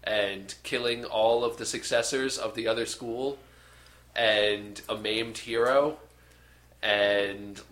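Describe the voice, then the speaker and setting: Slow and steady, a young man with a lowish, fairly bright voice retells a movie while co-hosting a podcast, rambling and using plenty of fillers as he acts out scenes. The room has an echo.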